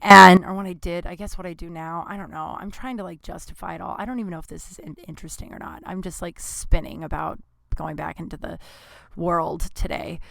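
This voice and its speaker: A woman's voice: on the low side, steady tone, a little fast, vocal fry, fairly bright tone, no echo. A woman in her thirties hosting a podcast from a small home studio, telling a frank, casual story in which she swears freely and acts out the people she quotes. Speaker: podcast host. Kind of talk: casual monologue.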